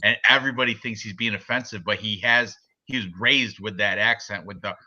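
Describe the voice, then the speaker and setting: A man's voice: on the low side, fairly even intonation, brisk, sharp tone, lo-fi sound. A man in his forties chatting casually about fight picks as a podcast co-host, joking and laughing often. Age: 40s. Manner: joking, laughs often, does silly voices.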